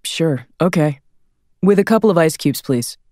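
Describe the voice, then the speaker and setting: A woman's voice: low-pitched, lively intonation, moderate pace, mellow, no echo, studio quality. A woman voicing a young male boss who is hesitant and politely uncomfortable.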